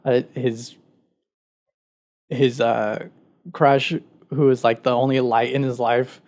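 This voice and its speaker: A man's voice: mid-range voice, level tone, takes it slowly, a little mellow. A man co-hosting a podcast, retelling a story in a casual, rambling way with many filler words. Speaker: podcast co-host. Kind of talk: casual chat.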